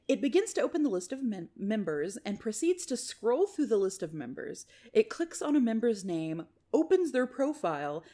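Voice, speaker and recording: Lively higher-voiced woman podcast host. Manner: animated storytelling, swears casually, laughs often. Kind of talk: reading a listener story aloud with casual chat.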